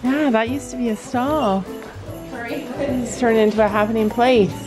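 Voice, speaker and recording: A woman's voice: a little high, a little slow. A woman in her thirties hosting a casual family vlog, upbeat and chatty, talking straight to her viewers while visiting a horse barn. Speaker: vlog host and mother. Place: horse barn, indoors and outdoors. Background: background music.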